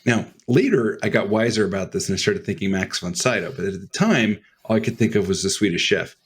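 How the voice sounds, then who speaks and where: Husky low-voiced man chatting. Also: brisk. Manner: relaxed, storytelling with laughs. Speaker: podcast co-host. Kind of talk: casual chat.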